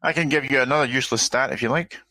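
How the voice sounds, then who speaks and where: A man's voice: medium pitch, very fast, sharp tone, dry recording, poor audio. A man co-hosting a casual sports podcast, making dry jokes and often stumbling over his words. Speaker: co-host.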